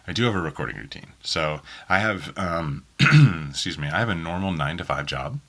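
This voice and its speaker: Very deep-voiced man, faint Southern accent. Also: animated, brisk, a bit bright. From Oklahoma, US. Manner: rambling, many ums and restarts. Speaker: audiobook narrator. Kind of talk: casual interview answers. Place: small home booth in a spare bedroom.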